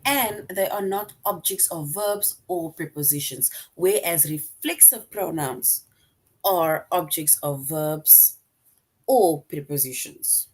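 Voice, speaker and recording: Lower-voiced woman teaching grammar. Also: darkish tone, husky, rough recording. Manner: explains slowly, repeats example sentences, tag "right?". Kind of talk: recorded grammar lesson.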